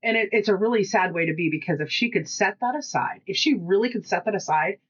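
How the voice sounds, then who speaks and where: A woman with a Pacific Northwest American accent, co-hosting a podcast in casual chat and telling stories with lively quoted dialogue. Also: medium pitch, quick pace, husky, highs cut off. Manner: chatty storytelling, animated quoted dialogue. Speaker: podcast co-host.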